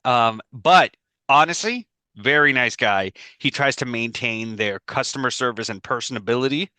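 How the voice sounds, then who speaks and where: A man's voice: mid-range voice, moderate pace, sharp tone, no room sound. A man co-hosting a podcast over a video call, telling a rambling story and laughing often. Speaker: podcast co-host. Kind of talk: casual podcast chat.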